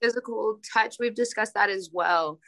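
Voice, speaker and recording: A young woman co-hosting a podcast, chatting in a relaxed, reflective way with frequent fillers. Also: medium pitch, normal speed. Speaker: podcast co-host. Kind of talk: casual chat.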